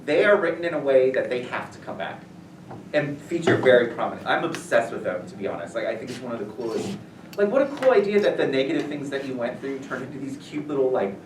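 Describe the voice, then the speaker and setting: A man visiting a school as an author, answering questions in a rambling, animated way full of fillers. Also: medium pitch, quick pace, slight background noise. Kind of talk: casual Q&A talk. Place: school room, audience present. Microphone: distant from the recorder. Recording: echoey room, voice heard from far off.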